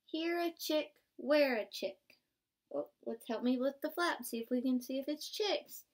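A woman's voice: high voice, measured pace. Young woman reading aloud to kids. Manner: interactive and encouraging, asks children to join in; gasps and plays up surprises. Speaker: student teacher. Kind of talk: reading a picture book aloud to young children.

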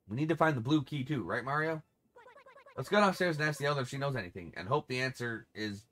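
A man narrates his video game playthrough in casual, offhand commentary. His pitch sits in a plain middle range, and his remarks come across wry and loose, with the odd curse. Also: expressive, fast, a bit bright. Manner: offhand, wry, occasionally swearing. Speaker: video game let's-play host.

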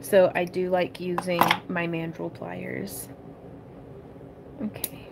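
A woman's voice: fairly low pitch, little pitch movement, slow pace, vocal fry, heavy background noise. A woman hosting a casual crafting tutorial livestream from her home craft room. She chats with viewers, giggles often and calls them y'all.

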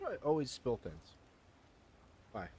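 A young man livestreaming a game, chatting casually with his viewers, excitable and swearing freely. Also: medium pitch, takes it slowly, a little hiss or hum. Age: young adult. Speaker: gaming livestreamer. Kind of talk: casual live-stream chat.

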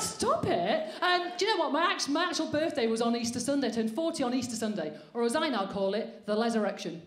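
A woman's voice: a little high, lively intonation, quick pace, hardly any pauses, over a noisy crowd, heavy background noise. A woman doing a brash, sweary, self-mocking stand-up set on a comedy club stage. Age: 40s. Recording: roomy live venue sound.

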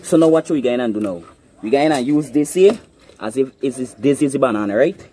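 With a dark tone and lively intonation, a man with a Guyanese accent talks a little fast, medium in pitch, into his phone camera outdoors. He's a hunting vlogger giving a casual trap demonstration step by step, repeatedly asking whether viewers understand.

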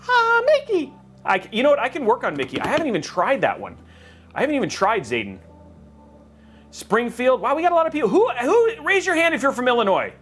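A man's voice: very high-pitched, fairly bright tone, breathy edge. A man from California hosting a PC-building livestream, rambling and joking as he reads out chat. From California, USA.

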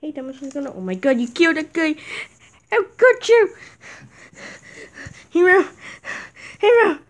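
A woman voicing a young male toy engine friend who scolds in shrill, accusing exclaims, in a toy play-acting video. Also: lively intonation, very fast, fairly bright tone.

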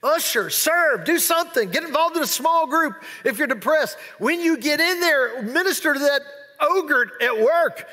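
High, bright-voiced animated male preacher. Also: normal speed, in a large hall. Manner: animated, playful preaching with acted-out exclamations. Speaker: pastor. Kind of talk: sermon. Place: large church hall.

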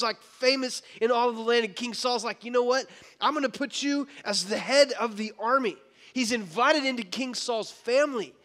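A man's voice: high voice, a bit bright, long reverb tail. A man preaching a sermon as pastor, casual and joking, acting out the people in his story. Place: church hall.

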